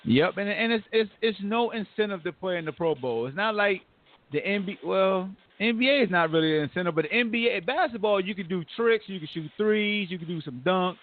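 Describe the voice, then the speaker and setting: A man with a high voice hosts a sports podcast and rants in casual slang. He pokes fun at whoever he is talking about. The sound is thin and narrow, like a phone line. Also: a little fast. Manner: animated, trash-talking rant with slang. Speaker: podcast host.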